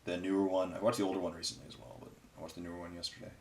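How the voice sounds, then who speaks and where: A tired host of a painting channel talks very fast in a low voice with little pitch movement. He chats while painting miniatures at home near a garage, rambling offhandedly and amusing himself, and the sound carries a roomy echo.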